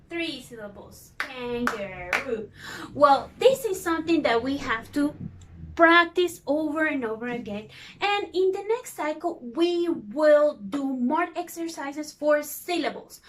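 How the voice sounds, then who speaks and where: High-voiced woman teacher sounding out syllables. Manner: slow, sounds words out syllable by syllable; encouraging, asks pupils questions. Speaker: English teacher. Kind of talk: recorded class lesson.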